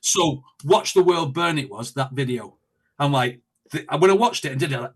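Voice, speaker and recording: A man talks as an interview guest, recounting stories in an animated, chatty way and acting out his own thoughts in quotes. His voice sits a little higher than most men's. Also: normal speed, husky. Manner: animated storytelling with quoted asides and laughs. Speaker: guest, reaction video creator. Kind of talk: casual interview chat.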